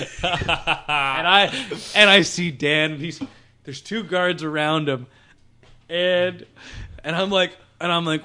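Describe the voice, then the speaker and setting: A man telling a funny personal story to friends on a podcast, animated and full of restarts. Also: fairly high pitch, a little slow, long pauses, clean tone. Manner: animated, laughs while telling, lots of restarts. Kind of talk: casual storytelling among friends.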